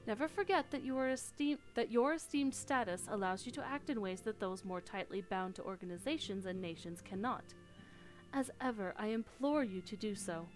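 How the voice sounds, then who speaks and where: A woman reading the formal, measured lines of a dignified male commander from a game. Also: medium pitch, expressive, soft background music, lightly acted. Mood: earnest. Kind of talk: reading game dialogue aloud.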